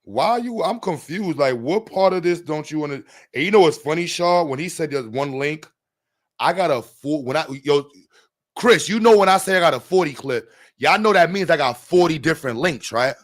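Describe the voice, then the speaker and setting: A man with a New York accent hosting a podcast, bantering fast and swearing as he jokes. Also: on the high side, lively intonation. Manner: profane, joking, rapid banter. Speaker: podcast host. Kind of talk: casual chat.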